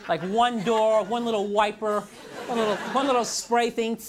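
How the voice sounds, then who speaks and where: This young stand-up comedian speaks at normal speed in a high-pitched voice with fairly even intonation. Performing on a TV studio stage for a live audience, he delivers a frustrated, self-mocking rant full of "like" and "you know," and the 1990s broadcast carries audience laughter and noise.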